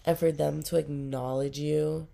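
A woman's voice: sits low, level tone, measured pace, creaky, mellow. A young woman hosting her own casual video podcast while sick, rambling and giggly, with lots of "like". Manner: giggly, rambling storytelling full of "like". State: sick with a cough. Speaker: podcast host.

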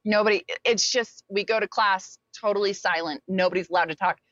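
Animated, talkative woman in her forties. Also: mid-range voice, fairly quick, dry recording, highs cut off. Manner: animated, talkative, acts out quotes. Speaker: interview guest. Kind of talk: personal storytelling in an interview.

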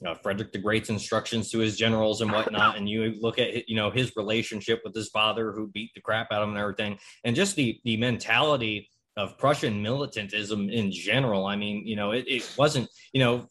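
A man's voice: on the low side, fairly even intonation, a little fast, fairly bright tone. A man in casual podcast chat, loose and full of "you know"s and swearing. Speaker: podcast guest.

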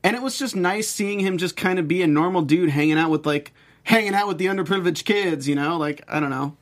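Easygoing man panelist, slightly high voice. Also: fast talker. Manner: easygoing, reads chat comments aloud. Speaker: podcast panelist. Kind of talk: casual TV after-show chat.

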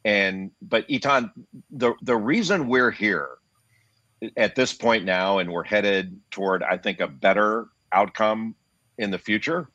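A man in his fifties from the United States, a basketball analyst talking as an interview guest in a measured, reasoned way with frequent restarts. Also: fairly low pitch, a bit bright, no room sound. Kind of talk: interview conversation. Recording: dull lo-fi dry sound.

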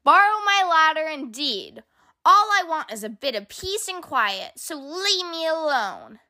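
A woman's voice: high voice, very animated, a little slow, sharp tone, voice pushed up, exaggerated voice. A woman voicing a grumpy male badger in a storybook, spluttering and indignant. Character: grumpy old male badger, huffy and cross.

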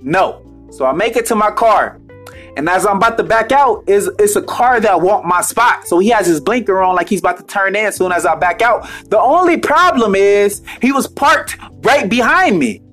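A man's voice: sits high, lively intonation, moderate pace, a bit bright, soft background music. A man telling a casual story as an exasperated, profane rant, repeating phrases for emphasis.

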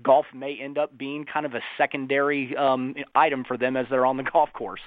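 A man's voice: mid-range voice, flat delivery, moderate pace. A man who manages a golf club, talking eagerly and chattily as a phone interview guest, often saying "you know". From Ohio. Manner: eager, chatty, with filler phrases. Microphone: telephone. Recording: tinny phone line.

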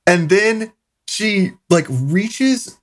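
A man's voice: high voice, lively intonation, drawn-out words, fairly bright tone. A man co-hosting a podcast, telling a long story in casual chat, full of "like" fillers. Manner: rambling storyteller, many "like" fillers. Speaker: podcast co-host.

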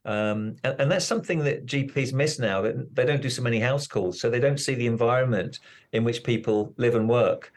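An older man, a doctor, chatting as an interview guest, telling stories in a plain-spoken way with halting restarts. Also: medium pitch. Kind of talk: casual interview chat.

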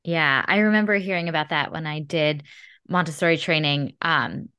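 A woman hosting a casual interview, relaxed and hesitant, with frequent fillers. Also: low voice, moderate pace, clear, resonant tone, dry recording, muffled recording. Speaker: podcast host.

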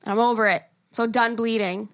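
A woman's voice: on the high side, fairly even intonation, a little fast, a bit bright. A young woman co-hosting a podcast, chatting frankly and casually, swearing now and then. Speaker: podcast co-host. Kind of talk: casual chat.

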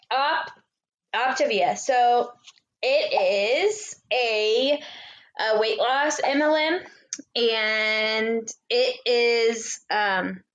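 A woman's voice: a little high, lo-fi sound. Hesitant woman podcast co-host. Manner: explaining, hesitant with many ums. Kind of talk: casual chat.

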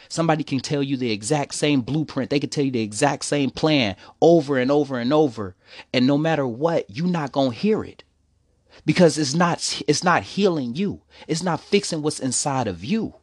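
A man's voice: fairly high pitch, no room sound, studio quality. A young man telling a personal story, emotional and preachy. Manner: emotional, preachy, repeats "see, the thing is".

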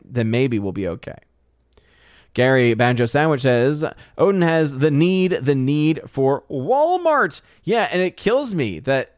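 A man's voice: mid-range voice, dry recording, studio quality. A man hosting a livestream, reading viewer comments in casual, rambling chat with many restarts. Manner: rambling, halting restarts, chatty. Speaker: livestream host.

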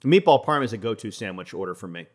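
A man's voice: lowish voice, very animated, fast talker. Male co-host, playful braggart in loose podcast chat. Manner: playful, boastful banter. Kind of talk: casual chat.

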